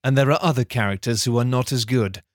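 A man recapping a story with dry, deadpan comic timing. His voice is mid-pitched and recorded close with no room sound. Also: quick pace, no room sound. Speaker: podcast co-host. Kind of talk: deadpan comic plot summary.

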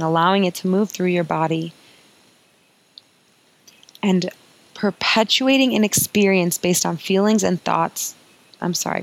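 A woman's voice: on the low side, vocal fry, low-quality recording. A woman hosting a podcast as an emotional healing coach, talking in an earnest, confiding way and repeating phrases for emphasis.

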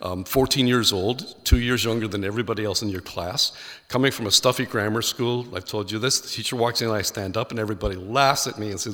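A man's voice: mid-range voice, fairly quick, bright, forceful tone, in a large hall. A man from Ireland with an Irish accent, a pastor telling a personal story in a sermon and acting out the voices he quotes.

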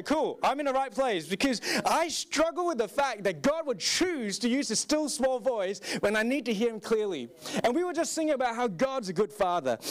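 High-voiced young pastor. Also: male voice. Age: young adult. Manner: candid, self-deprecating, animated storytelling. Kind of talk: sermon.

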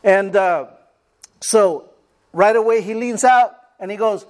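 A man with a notably high voice preaching a sermon to his congregation. He calls out for amens and acts out everyday stories to make his point. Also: unhurried. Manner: preaching with call-and-response amens and acted-out stories. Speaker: pastor.

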